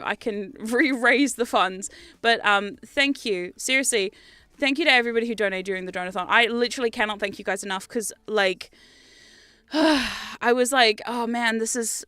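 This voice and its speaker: Bright, clear-voiced woman streamer. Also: a little high, dry recording. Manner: swears freely, rambling and animated. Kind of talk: casual chat stream.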